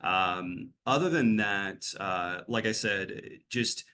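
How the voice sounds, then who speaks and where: A man's voice: on the low side, lively intonation, slow pace, sharp tone, slight background noise. A man working as a behavioral health clinician, answering interview questions in a rambling, casual way, full of fillers and restarts.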